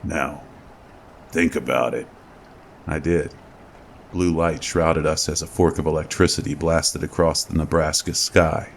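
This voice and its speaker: Very deep gravelly male horror narrator. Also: little pitch movement, normal speed, a little hiss or hum. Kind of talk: scripted narration.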